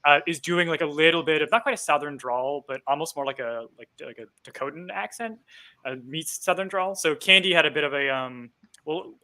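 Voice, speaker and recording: Fast, bright-voiced man chatting casually. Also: a little high. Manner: rambling, lots of ums and likes, laughs easily. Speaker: host, game master. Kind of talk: casual chat about voice acting.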